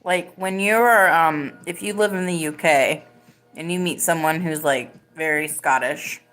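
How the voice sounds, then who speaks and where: A woman's voice: low-pitched, unhurried, fairly bright tone, soft background music. A woman hosting a live podcast, chatting casually and rambling with lots of "like"s. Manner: rambling, filler-heavy talk with many "like"s. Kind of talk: casual live-stream chat.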